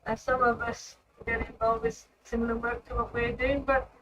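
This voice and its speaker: A woman's voice: fairly high pitch, little pitch movement, moderate pace, noisy background. A woman presenter giving earnest, encouraging closing remarks on a church panel.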